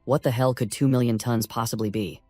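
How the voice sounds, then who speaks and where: A man's voice: mid-range voice, fairly even intonation, fairly quick, mellow, no room sound, soft background music, natural voice. A man voicing a brash young male fighter disciple, cocky and eager.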